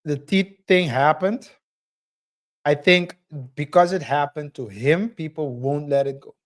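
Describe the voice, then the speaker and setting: A man co-hosting a podcast, talking casually in a halting, hedging way. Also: on the high side. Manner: slow, halting, hedging with fillers. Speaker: co-host.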